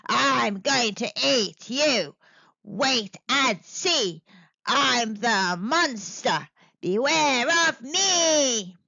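A hairy, boastful male monster from a children's picture book, growling out slow sing-song threats and bragging, played by a woman reading aloud. The voice sits fairly high and swings widely in pitch. The sound is close and dry, a little dull. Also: animated, creaky, pushed and bright, no room sound, heavily acted. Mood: menacing singsong. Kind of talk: children's storybook read-aloud.

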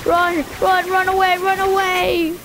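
High-pitched woman hyping up her game, goofy bragging, game music blaring underneath. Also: a little slow. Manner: excitable, silly boasting. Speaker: gaming video maker. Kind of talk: let's-play commentary. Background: video game music.

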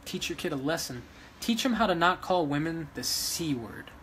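A man vents in an emotional vlog rant, his voice sitting a little high for a man and swinging between hushed pleading and loud defiance. Faint room noise hums behind him. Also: lively intonation, moderate pace. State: emotional after crying. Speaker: vlogger running a dog rescue. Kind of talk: emotional ranting vlog to followers.

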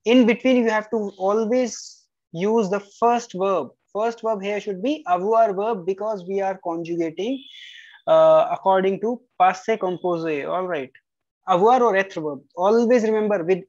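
French tutor marking homework out loud, slow and blunt, keeps repeating the rules, dull lo-fi sound. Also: mid-range voice, no room sound. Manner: blunt corrections, repeats key rules, spells out letters. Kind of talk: correcting a student's homework aloud. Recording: slightly dull lo-fi recording.

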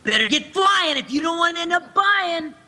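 A man's voice: extremely high pitch, expressive, pushed and bright, a little hiss or hum, pitched above the performer's own voice, full character voice. A man voicing a hot-headed teenage boy from a game, ranting indignantly. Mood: taunting. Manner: indignant, quick, rising rants.

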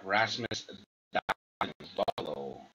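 A man opening packs of hockey cards, slowly reading out each player's name and number. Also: deep voice, animated, pushed and bright. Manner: halting, reads names and numbers aloud. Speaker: card collector opening packs. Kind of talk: slow unboxing commentary. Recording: dull lo-fi sound with faint noise.

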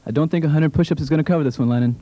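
A man's voice: on the high side, warm tone, slight background noise, lightly acted. Teen boy doing a scolding female teacher. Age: late teens. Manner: rapid, scolding.

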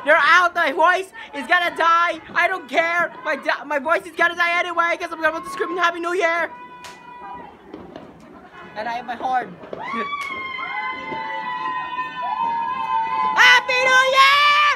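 Very high, shouty excited female vlogger. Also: normal speed. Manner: loud, excitable, shouting over noise. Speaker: channel host. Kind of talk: excited new year vlog. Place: outdoors during fireworks. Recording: crowd and firework noise behind.

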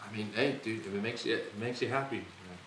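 An actor playing an excitable young man, telling a work story in a casual, slangy way in a naturalistic short film. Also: fairly low pitch, fairly quick, natural voice. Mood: awkward. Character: restless, excitable young man who misses office life. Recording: echoey room with rain noise. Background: rain.

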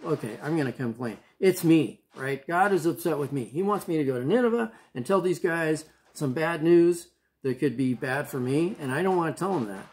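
A man's voice: on the high side, expressive, normal speed, darkish tone, lightly acted. A man voicing a reluctant grown prophet who grumbles about his task in a storybook retelling for children. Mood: grudging. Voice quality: casual, complaining.

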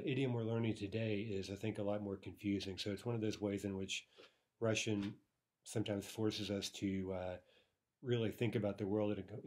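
Guy with a lowish voice teaching a lesson, keeps asking "right?", some uhs. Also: a little mellow. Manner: explanatory, frequent "right?" checks, some filler "uh". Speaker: language teacher. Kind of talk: recorded video lecture.

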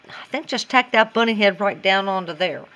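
A woman's voice: medium pitch, animated, moderate pace, a bit bright. A woman in a casual DIY craft tutorial, chatty and giggly and talking to herself as she works.

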